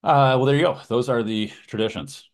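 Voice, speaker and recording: A young man co-hosting a casual podcast, relaxed, agreeable and quick to laugh. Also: mid-range voice. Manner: easygoing, laughs often, agreeable backchannels. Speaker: podcast co-host. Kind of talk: casual chat.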